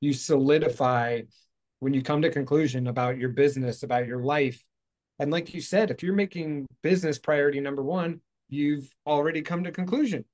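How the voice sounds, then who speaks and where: A man's voice: on the high side, a little mellow. A man hosting a spiritual talk show, talking casually in a rambling, playful way, correcting himself as he goes. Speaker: host. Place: outdoors in hot weather.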